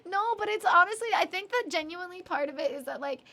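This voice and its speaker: A woman's voice: extremely high pitch, expressive, quick pace, very noisy. A young adult woman streamer chatting casually with viewers, giggly and emotional, teary and yawning, often apologizing. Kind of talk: casual chat reading viewer messages.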